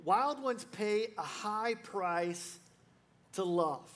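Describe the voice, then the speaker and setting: A man's voice: high voice, animated, drawn-out words, a bit bright. A male pastor preaching a sermon in a casual, joking way, full of fillers and restarts.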